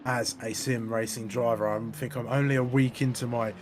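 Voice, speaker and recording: A man in a mid-pitched voice co-commentates on a sim race, talking through track analysis in loose, restarting sentences. A faint hiss runs beneath the streamed audio. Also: steady tone, normal speed. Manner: rambling analyst talk with hesitant restarts.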